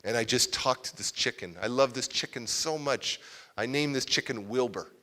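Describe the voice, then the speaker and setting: A man giving a motivational talk in a large hall, telling a story in an animated way. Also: medium pitch, moderate pace. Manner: animated, acts out scenes. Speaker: motivational speaker. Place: large civic center hall, live audience.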